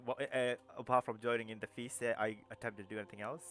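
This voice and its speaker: A man's voice: medium pitch, level tone, rapid-fire, a bit bright. Rambling man running a tabletop game. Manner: rambling, many fillers and restarts, laughs often. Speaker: game master.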